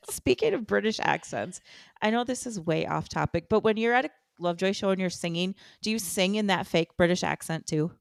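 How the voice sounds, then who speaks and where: An American woman co-hosts a casual fan podcast, telling her stories with animation and frequent laughter. Her voice sits at an ordinary middle pitch. The recording is dry and close, with little room sound. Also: lively intonation, a little fast, vocal fry, smooth, dry recording. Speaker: podcast co-host.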